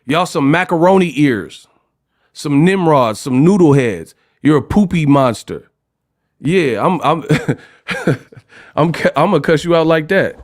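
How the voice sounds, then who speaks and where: A man's voice: a little high, lively intonation, unhurried. Guy from california ranting on a livestream, slangy and joking, voice all over the place. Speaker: host. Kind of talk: casual livestream rant.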